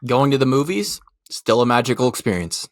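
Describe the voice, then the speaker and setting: A man's voice: mid-range voice, animated, fairly quick, no room sound, studio quality. A man co-hosting a movie podcast, talking loosely and profanely, laughing as he rants. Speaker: podcast co-host. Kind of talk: casual chat.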